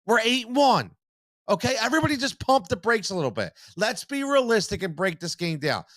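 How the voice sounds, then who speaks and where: A man's voice: sits high, sing-song, a little fast, a bit bright, no echo. A man hosting a live postgame sports reaction stream, fired-up and blunt, swearing freely and repeating his points. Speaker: sports talk host.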